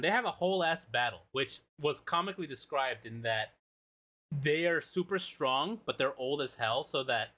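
A man's voice: a little high, normal speed. A man co-hosting a podcast, casually retelling a comic story with swearing and acted-out quotes. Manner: animated, swears, acts out quotes. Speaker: podcast co-host.

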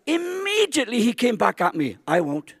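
A man preaching a sermon, emphatic and rising to exclamations with dramatic slow stresses. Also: extremely high pitch, huge pitch swings, creaky, husky, clean studio sound. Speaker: pastor. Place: large church hall. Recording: long hall reverb.

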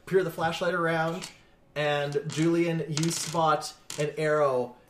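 A man narrating a tabletop game as its game master, his voice sitting a little high. He tells the scene in a relaxed way, tossing in chuckles and little sound effects, and the room around him rings with echo. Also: takes it slowly, slight background noise. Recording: echoey room.

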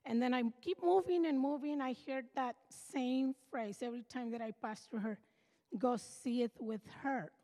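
High-voiced older woman giving testimony. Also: moderate pace, hardly any pauses, warm tone. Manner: earnest, emotional storytelling. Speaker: church member giving testimony. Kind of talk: personal testimony. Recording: reverberant hall.

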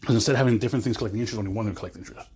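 Husky low-voiced man rambling to listeners. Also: rapid-fire, darkish tone. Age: 40s. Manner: chatty, rambling, self-interrupting, addresses listeners as folks; pacing while talking. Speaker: podcast host. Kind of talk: casual rambling monologue.

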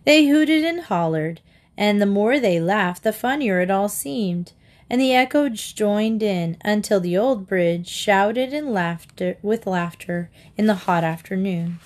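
A woman narrating a children's novel aloud with a steady, gentle reading manner. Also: mid-range voice, a little slow. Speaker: storybook reader.

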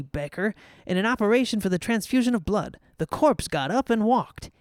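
This is an old-fashioned newspaper writer with a florid, grandiose manner, as a podcast host puts him on. The delivery is theatrical and wordy. The sound is dry and close. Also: male voice, high-pitched, no room sound.

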